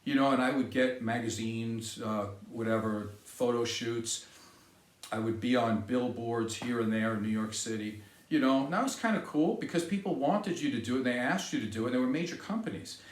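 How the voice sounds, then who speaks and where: A man's voice: mid-range voice, fairly quick. A middle-aged man hosting a podcast, delivering an indignant, sarcastic solo monologue. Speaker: podcast host. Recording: echoey room.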